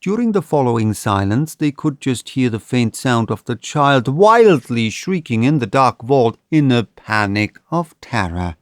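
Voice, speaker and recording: A man reading a short story aloud as narrator, in an expressive, measured style. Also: mid-range voice, dry recording, clean studio sound. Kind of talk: scripted audiobook narration.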